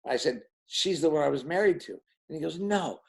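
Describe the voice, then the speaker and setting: A film director being interviewed, telling behind-the-scenes stories and acting out the dialogue of the people in them. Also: male voice, a little high, a little fast, gravelly, rough recording. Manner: animated, acts out dialogue in quoted voices. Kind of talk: anecdotal storytelling in an interview.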